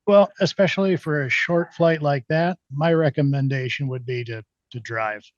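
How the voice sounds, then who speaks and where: A man who is an author and pilot, a guest chatting in a relaxed way on an interview podcast. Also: on the high side, normal speed, no echo. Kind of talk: casual interview chat. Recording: dull, muffled audio.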